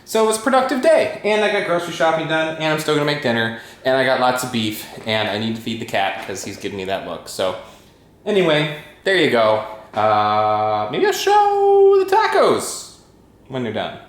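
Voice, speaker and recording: A tech YouTuber vlogs his day from home, chatting casually to camera and rambling with lots of uhs and ums. His voice is medium-pitched, lively and a little bright, and he talks briskly. The indoor room has an echo.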